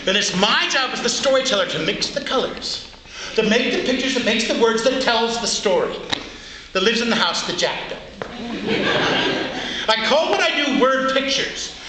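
A man's voice: very high-pitched, normal speed. A man performing as a storyteller on stage before a live audience, playful and drawing the crowd in. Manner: animated, playful, audience-involving. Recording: echoey hall with background noise.

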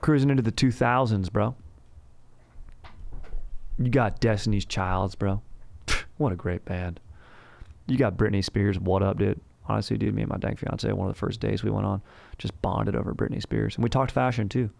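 Gravelly bro-talking man. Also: fairly low pitch, fairly even intonation, moderate pace, a little mellow. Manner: bro-speak, calls everyone dude and bro; rambling, boastful salesman banter. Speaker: podcast host. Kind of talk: comedic podcast monologue.

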